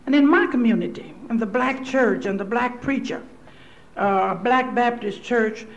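A woman from Louisville, Kentucky, giving a lecture with storytelling, speaking deliberately in repeated, list-building phrases. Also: a little high, highs cut off. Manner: deliberate, repetitive preacherly cadence building lists. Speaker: speaker on theology.

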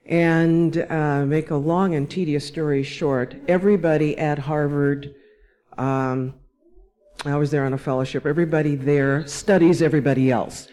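A woman from Alabama, a panelist, telling personal stories in a panel discussion in a wry, measured way. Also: low-pitched, fairly even intonation, dark tone.

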